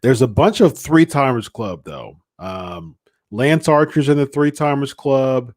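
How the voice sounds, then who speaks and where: A man's voice: mid-range voice, animated, unhurried, darkish tone, no room sound, clean studio sound. A man hosting a live podcast, chatting casually and chuckling, often repeating himself. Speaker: podcast host. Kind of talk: casual live-stream chat.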